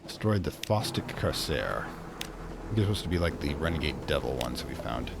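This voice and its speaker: Deep-voiced man casually playing a game. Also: expressive, moderate pace, gravelly, very noisy. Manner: casual, musing, thinking aloud. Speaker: let's play host. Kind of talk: game commentary and reading game text aloud.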